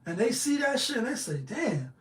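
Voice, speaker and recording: A man's voice: very high-pitched, expressive, quick pace. A man hosting a livestream, delivering a profane, fiery monologue. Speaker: livestream host. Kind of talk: heated monologue. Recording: echoey room.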